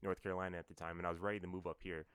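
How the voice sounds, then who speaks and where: Deep-voiced rambling bassist. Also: male voice, little pitch movement, rapid-fire, fairly bright tone, clean tone, no room sound, studio quality. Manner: rambling storyteller, many fillers. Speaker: band bassist guest. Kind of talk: casual podcast interview. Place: New York.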